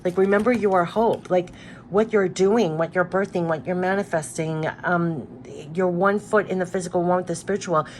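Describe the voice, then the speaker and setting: A woman's voice: on the low side, steady tone, moderate pace, slight background noise. Tearful, earnest woman reading cards. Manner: emotional, repetitive, earnest, moved to tears. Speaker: tarot card reader. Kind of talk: spiritual card reading.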